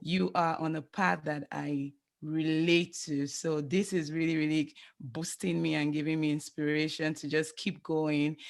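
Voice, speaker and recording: A woman guest speaker offering grateful thanks to the author and hosts. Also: low-pitched.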